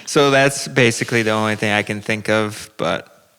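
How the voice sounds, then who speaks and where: A man with a gravelly, creaky voice talks haltingly in a casual podcast chat. His voice has a long reverb, as if he is in a bigger room than the hosts. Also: fairly low pitch, fairly even intonation, bright, forceful tone. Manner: halting, hesitant. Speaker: podcast producer. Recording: long reverb, roomy sound.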